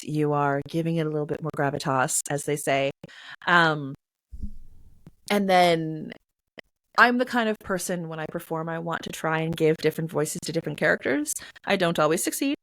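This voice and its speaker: A woman's voice: deep voice, animated, normal speed, a bit bright, no room sound. A woman answering interview questions about reading poetry aloud, chatty, with lots of fillers and playful sung sounds. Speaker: guest, poetry reader.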